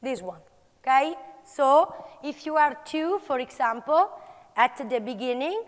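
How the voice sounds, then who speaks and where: A woman's voice: high voice, lively intonation, unhurried. A woman with an Italian accent leading an audience through a movement exercise at a conference, calling out commands energetically. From Italy. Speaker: conference speaker. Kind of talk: live workshop demonstration. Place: large conference hall. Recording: reverberant conference hall.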